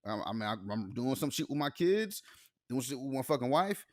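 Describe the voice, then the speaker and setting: Male podcast co-host, mid-pitched, blunt and profane, mimics other people's speech. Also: big pitch swings, moderate pace, a little mellow. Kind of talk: casual podcast chat.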